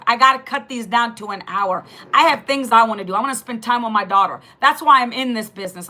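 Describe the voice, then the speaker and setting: Raspy, bright-voiced woman in her fifties. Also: fairly high pitch. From Northern Virginia. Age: 50s. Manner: blunt, talks straight at the chat. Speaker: livestream host. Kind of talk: casual live-stream chat to viewers.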